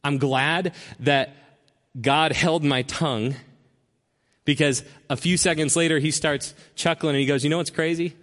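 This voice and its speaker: A man preaching a sermon as a personal story, earnest and slowing down to stress key words. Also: a little high, steady tone, a bit bright. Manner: earnest storyteller who slows down for emphasis. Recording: long reverb of a large hall.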